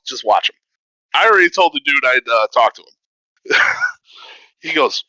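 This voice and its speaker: A man's voice: medium pitch, unhurried, long pauses, no echo, low-quality recording. A man hosting a podcast, telling a story in casual chat and acting out the voices in it. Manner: animated, acts out quoted voices. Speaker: podcast host.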